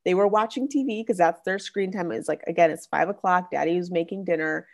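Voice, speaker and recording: A woman's voice: fairly low pitch, brisk. A young adult woman hosting a podcast, talking casually about faith and parenting, with a chatty manner full of "like" fillers and restarts. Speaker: podcast host.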